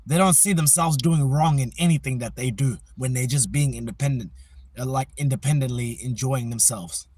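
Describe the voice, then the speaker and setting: A man's voice: medium pitch, normal speed, a little mellow, husky. A man hosting a casual livestream, talking in a loose, slangy, rambling way that turns into heated ranting at a viewer in the chat. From Australia. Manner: laid-back, rambling, slangy. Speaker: livestream host.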